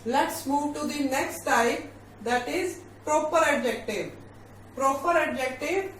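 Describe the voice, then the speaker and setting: A woman teaching grammar, speaking deliberately, repeating key points and often checking with "all right?". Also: high-pitched, a bit bright. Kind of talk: grammar lesson. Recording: echoey room from a distance, faint ambient noise.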